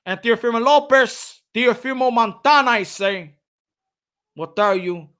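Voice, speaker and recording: A man hosting a boxing channel, talking casually and excitedly on a livestream, trash-talking and laughing. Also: very high voice, a little slow, smooth.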